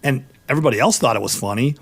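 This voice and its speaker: A middle-aged man hosting a law radio show, telling stories in animated casual banter. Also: medium pitch, rapid-fire, gravelly, slightly rough. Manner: animated storyteller, rising into exclamations.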